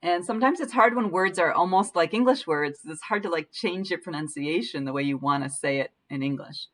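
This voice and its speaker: A woman's voice: on the low side, fairly bright tone. Patient woman teaching Spanish pronunciation. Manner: patient, repeats words slowly to demonstrate. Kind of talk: language lesson.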